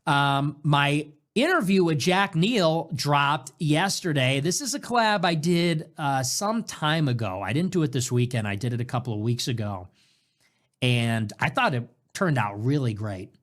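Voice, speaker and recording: Sarcastic guy rambling on his own show, kinda high voice, gets loud then mutters. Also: a little slow. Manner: animated, sarcastic, swings between loud bursts and low mutters. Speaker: show host. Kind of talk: casual livestream monologue.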